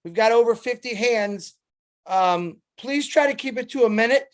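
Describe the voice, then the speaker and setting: A man co-moderating a video-call webinar in a brisk, direct way. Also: very high voice.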